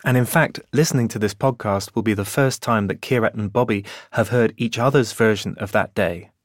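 A man with a fairly low voice tells a true story in scripted documentary narration. He takes his time and lays out events with measured, deliberate care. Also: dry recording, studio quality. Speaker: podcast host and journalist.

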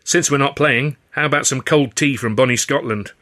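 A man's voice: mid-range voice, normal speed, pushed and bright, voice pushed up, close to an everyday voice. A man voicing a cheerful fellow comedian, speaking heartily. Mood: hearty. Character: jovial male comedian offering whiskey.

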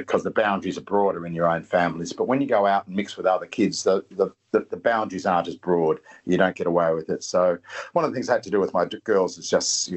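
A middle-aged man, a guest author talking in a halting way and often repeating his words. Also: deep voice. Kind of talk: casual interview talk.

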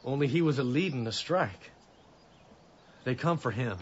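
An actor playing a beaten, hunted young farmhand on the run in a radio drama, weak and hurt, speaking in a low, blunt, tired rural drawl. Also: male voice, animated, moderate pace, close to an everyday voice. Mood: grim. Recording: slightly dull, with faint hiss.

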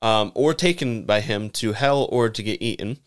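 A man's voice: lowish voice, moderate pace, smooth. A man co-hosting a casual podcast chat, hesitating with ums and chuckling easily. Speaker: podcast co-host.

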